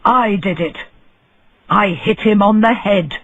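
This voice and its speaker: A man voicing an old male bird seller who shouts at a thief and then pleads before a judge. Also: high voice, slow, no echo, phone-quality sound, pitched above the performer's own voice. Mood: pleading.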